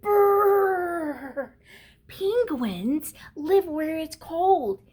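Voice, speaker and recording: A woman reading a children's picture book aloud, animated, with gasps, whispers and playful animal sounds. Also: high-pitched, takes it slowly.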